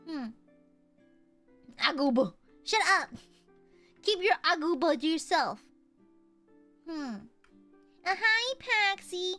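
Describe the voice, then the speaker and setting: A woman's voice: high-pitched, pushed and bright. A woman streamer chatting casually while gaming, playful and boastful, swearing freely and laughing often.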